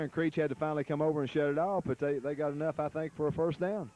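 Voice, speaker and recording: A man giving color commentary on a football radio broadcast from the press box, with quick, folksy analysis and frequent repeated words. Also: on the high side, fairly even intonation, mellow, lo-fi sound.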